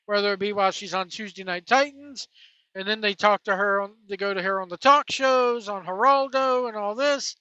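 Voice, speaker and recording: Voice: mid-range voice, bright, forceful tone, no echo, lo-fi sound. A podcast host giving a casual, opinionated and exasperated review of a wrestling documentary, rambling from point to point.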